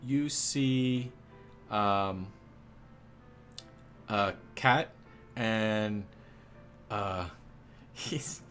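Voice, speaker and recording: Man, game master narrating a tabletop session, low pitch, hesitant and rambling. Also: extremely slow, long pauses, a bit bright, faint music behind. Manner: rambling, hesitant, many fillers.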